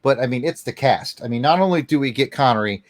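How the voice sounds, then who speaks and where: A man's voice: medium pitch, expressive, quick pace, no room sound. Enthusiastic male podcast guest, dry sound. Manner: enthusiastic, opinionated. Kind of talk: casual movie discussion.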